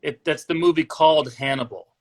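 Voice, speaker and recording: A man co-hosting a casual movie discussion, chiming in with brief, relaxed remarks. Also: on the high side, brisk. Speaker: podcast co-host.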